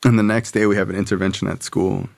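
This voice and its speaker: A man's voice: low voice, fairly even intonation, fast, vocal fry, a little mellow, dry recording, studio quality. A man guesting on a podcast, telling his own story candidly, with profanity and frequent "like" and "you know". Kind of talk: personal storytelling.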